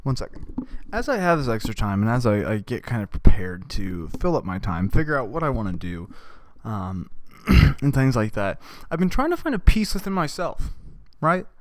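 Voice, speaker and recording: A young man hosting a podcast, delivering an absurd, deadpan comic monologue that he keeps punctuating with "right?". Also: mid-range voice, moderate pace. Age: young adult. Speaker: podcast host.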